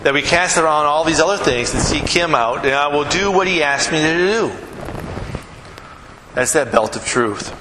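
A man's voice: on the high side, fairly quick, few pauses, pushed and bright, echoey room, long reverb tail, a little hiss or hum, poor audio. A middle-aged man preaching a sermon in a conversational way, asking rhetorical questions and acting out stories. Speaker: pastor.

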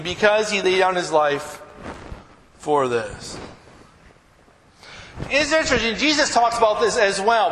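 A man preaching a sermon as pastor, animated and often checking in with his congregation. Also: high voice, long reverb tail, slight background noise, rough recording.

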